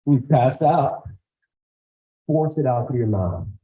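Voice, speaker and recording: This guest speaker's voice is mid-range, and he takes his time while performing stories for school staff in a school auditorium. He brings the people in his stories to life with acted-out voices. The audio is narrow and tinny.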